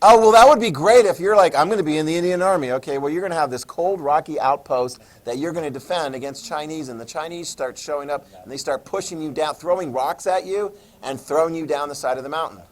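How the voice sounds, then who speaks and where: A man lectures a history class with a slightly high voice. He jokes, acts out little scenes, and keeps checking in with the students. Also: a little fast, few pauses. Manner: jokey, asks the class questions, "okay?" checks. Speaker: history teacher.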